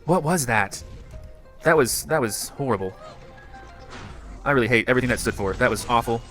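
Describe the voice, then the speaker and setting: A man yells his way through a game in an exasperated rant. His voice swings widely up and down and sounds bright and forceful. Faint music plays behind him. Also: medium pitch, animated, normal speed. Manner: exasperated, loud outbursts. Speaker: gamer in a played clip. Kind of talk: excitable game commentary.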